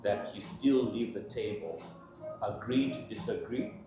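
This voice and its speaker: A man in the audience giving a slow, measured answer. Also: lowish voice. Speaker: audience member. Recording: distant, echoey room with loud music.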